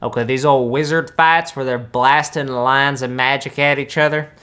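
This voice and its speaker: This comedic film reactor, a young man, voices a smug, boastful country-boy wizard with a laid-back, rambling drawl and folksy asides, all deadpan. His mid-range voice has fairly even intonation, normal speed, and a pushed, bright quality; it sounds natural, with slight background noise.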